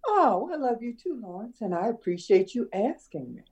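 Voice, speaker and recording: An older woman speaks in a mellow, soft-toned voice whose pitch rises and falls freely. She reminisces warmly and talks in an easy, teacherly way, laughing now and then as she chats with her son. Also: sing-song, normal speed, slightly rough, dull audio. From Chicago area. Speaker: interviewee, mother of the host. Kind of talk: casual family interview.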